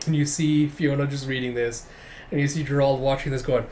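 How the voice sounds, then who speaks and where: A man's voice: mid-range voice, little pitch movement, fairly quick, darkish tone, a little hiss or hum. A man giving a casual manga chapter recap, laughing often and retelling scenes with "it's like". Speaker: manga reviewer.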